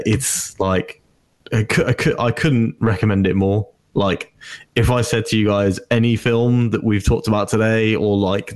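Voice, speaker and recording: A man with a somewhat low voice chats about films with friends on a podcast. He talks with eager enthusiasm, filling pauses with likes and ums as he rambles on. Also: darkish tone, smooth. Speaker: podcast co-host. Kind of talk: casual movie chat.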